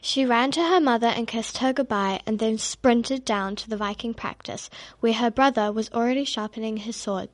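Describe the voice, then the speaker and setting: A woman reading a children's story aloud in a steady narrating manner. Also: fairly high pitch, moderate pace, hardly any pauses.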